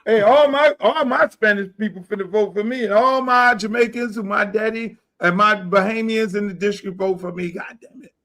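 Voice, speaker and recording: A middle-aged man hosting a podcast, ranting loudly and boastfully, with a lot of profanity. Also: high-pitched, steady tone, normal speed, few pauses. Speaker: podcast host. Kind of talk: heated casual talk.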